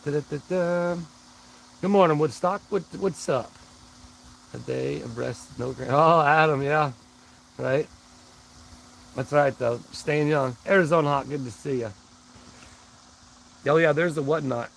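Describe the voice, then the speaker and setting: A man hosts a relaxed live stream, chatting loosely and calling out viewers one by one. His voice sits a little on the high side. A faint noise hangs behind him. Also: a little slow, creaky, long pauses, poor audio. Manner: greets viewers by name, rambling and friendly. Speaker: livestream host. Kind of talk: casual live chat.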